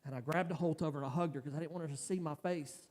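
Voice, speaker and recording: A man tells his own story from the pulpit, his voice sitting a little high for a man and often catching as he speaks. The delivery is emotional and halting, with stops and restarts. His words ring out with a long reverb from a big church hall. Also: fairly even intonation, darkish tone. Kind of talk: personal testimony sermon. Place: church sanctuary.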